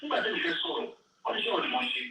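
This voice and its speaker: A man with a Nigerian accent giving animated, emphatic answers in an interview. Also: rapid-fire, noisy background. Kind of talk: interview answers mixing Yoruba and English. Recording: echoey room from far off.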